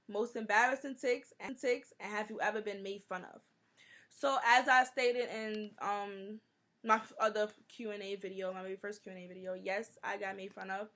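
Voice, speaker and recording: A young woman, telling stories in a casual, animated Q&A vlog. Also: mid-range voice, moderate pace. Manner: chatty, animated storytelling with many "like"s. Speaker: vlogger.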